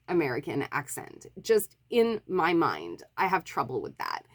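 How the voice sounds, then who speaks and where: A woman from Montreal, a book vlogger, chatting casually to camera and apologizing often, with lots of fillers and restarts. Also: on the low side. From Montreal, Canada.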